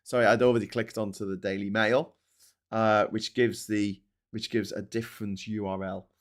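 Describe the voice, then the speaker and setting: This casual ranting commentary comes from a middle-aged host of a daily political news program in Britain, full of sarcasm, swearing, fillers and restarts. He speaks at a moderate pace in a lowish voice with a level tone.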